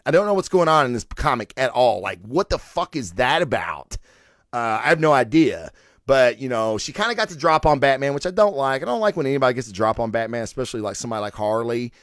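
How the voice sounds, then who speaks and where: A man hosting a comic book show, chatting casually in an excitable, rambling way with plenty of swearing and filler words. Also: mid-range voice, a little fast, no echo, clean studio sound. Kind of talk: casual solo review chat.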